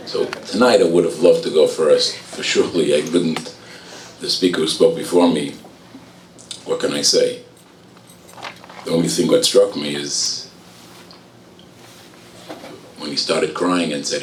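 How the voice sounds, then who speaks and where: A man with a very deep voice addresses an audience as a rabbi, firing off rhetorical questions one after another and slipping in wry jokes at his own expense. He is heard from a distance in a roomy hall, with faint ambient noise behind him. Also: steady tone, normal speed, long pauses. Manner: wry, self-deprecating asides. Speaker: rabbi giving a speech. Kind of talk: public speech at an event.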